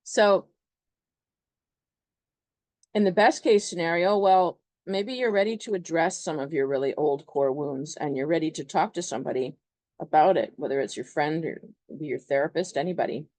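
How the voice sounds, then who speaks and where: Brief: lower-pitched woman astrologer, chatty and loose, dry close sound. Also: normal speed, a little mellow, dry recording. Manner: chatty, loose, filler-heavy. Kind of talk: casual astrology explanation.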